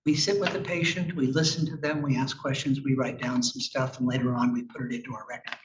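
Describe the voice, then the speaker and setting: Here a man with a medium-pitched, level voice speaks a little fast, presenting clinical research at a conference with slides. His style is conversational and emphatic, and he keeps posing rhetorical questions. The room recording from the conference hall is muffled, distant and echoey, carrying faint noise.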